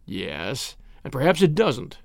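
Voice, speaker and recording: Give me a narrator putting on an impatient, suspicious businessman who barks his words. His voice is lively and sits on the high side for a man. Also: moderate pace, dry recording, studio quality. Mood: angry. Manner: snarling, forceful, impatient. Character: bullying middle-aged male businessman, suspicious.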